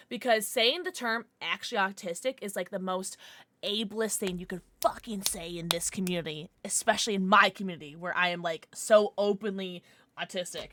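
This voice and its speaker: Young woman streamer, bright and forceful, dry close mic, passionate and profane chat-reader. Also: medium pitch, dry recording. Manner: passionate, swearing, reacting to chat. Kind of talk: casual chat with live chat.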